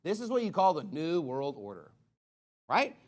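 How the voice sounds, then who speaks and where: Fiery preacher with sudden loud bursts. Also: male voice, huge pitch swings, moderate pace. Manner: swings between loud emphatic bursts and low quiet asides; reads scripture aloud in King James wording. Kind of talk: sermon.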